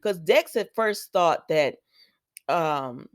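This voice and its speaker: A woman's voice: lowish voice, expressive, takes it slowly, no echo, studio quality. A woman recapping a soap opera episode in casual, rambling talk, often stopping to talk back to the characters. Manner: chatty, digressive, talks back to the characters.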